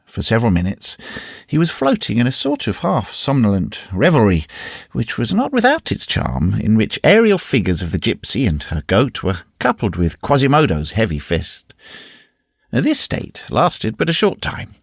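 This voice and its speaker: Husky, lively male audiobook narrator. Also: medium pitch, normal speed, no echo, clean studio sound. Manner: expressive, varied reading. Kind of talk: scripted narration.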